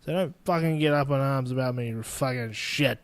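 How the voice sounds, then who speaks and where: A man's voice: medium pitch, normal speed, no room sound. A young man hosting a solo podcast, rambling in a laid-back way and swearing often. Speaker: podcast host. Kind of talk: casual solo podcast monologue.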